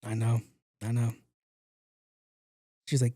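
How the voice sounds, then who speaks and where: A man riffs through casual podcast commentary, full of swearing, jokes and repeated words. His voice is mellow and warm. The sound is dry and close. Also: mid-range voice, steady tone, normal speed, vocal fry, husky, no echo. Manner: profane, joking, repeats himself. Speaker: podcast host.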